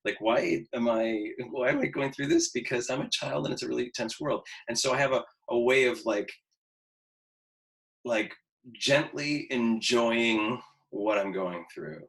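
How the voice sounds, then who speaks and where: A man's voice: medium pitch, expressive, a little slow, creaky, a bit bright, low-quality recording. A man in his fifties, an acting teacher giving a casual, candid talk to students, swearing freely and acting out his own inner voice with self-mocking humor. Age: 50s. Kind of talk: casual pre-class talk.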